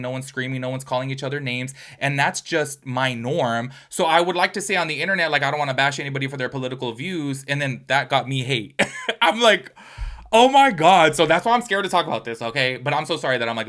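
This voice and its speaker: Bright-voiced chatty male commentator. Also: fairly high pitch. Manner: rambling, chatty, many fillers and asides to viewers; apologetic, earnest. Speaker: online commentary creator. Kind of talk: casual opinion commentary.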